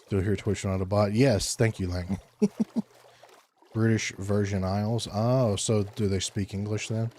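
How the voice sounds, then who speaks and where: A man streaming a block-building game, chatting casually with his chat in a laid-back, rambling way and thinking aloud between pauses. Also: lowish voice, steady tone, dark tone, a little hiss or hum. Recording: faint music underneath.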